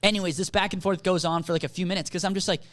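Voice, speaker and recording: A young man from Minneapolis co-hosts a comedy podcast, speaking very fast in a high-pitched voice with no echo. He tells a long, rambling, animated story, swearing and acting out the people he quotes.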